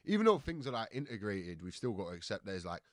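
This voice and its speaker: A man's voice: on the low side, sing-song, fast, dry recording, studio quality. A man, a comedian guest in a casual chat, telling anecdotes and swearing casually.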